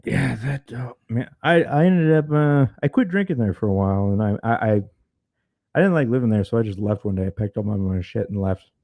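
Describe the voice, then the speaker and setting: A man's voice: mid-range voice, expressive, fairly quick, vocal fry, mellow, no echo. Frank, cursing man telling a story. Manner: frank, profane, repeats words when starting. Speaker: podcast guest. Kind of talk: casual storytelling.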